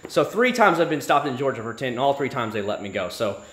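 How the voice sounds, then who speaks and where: A man's voice: mid-range voice, very animated, fast, a bit bright. A man from Florida chatting casually on a livestream, telling road stories in a chatty, profane, exasperated way. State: married. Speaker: YouTube channel host.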